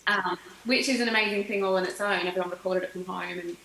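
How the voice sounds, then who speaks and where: A woman's voice: on the low side, fairly even intonation, quick pace, creaky, sharp tone, reverberant, slight background noise, rough recording. An Australian woman, a guest songwriter, chatting cheerfully in a casual interview.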